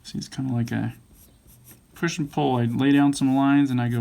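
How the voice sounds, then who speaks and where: A man's voice: medium pitch, flat delivery, normal speed, creaky, dark tone. A man teaching drawing, thinking aloud and mumbling to himself as he sketches and corrects his lines. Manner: mumbling, self-correcting as he draws. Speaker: drawing instructor. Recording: faint background noise.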